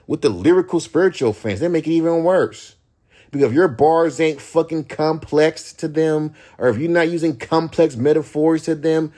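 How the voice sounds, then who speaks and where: Profane, heated male podcast rant. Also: darkish tone. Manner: imitates critics in a higher voice. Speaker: rapper and podcast host. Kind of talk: ranting solo podcast.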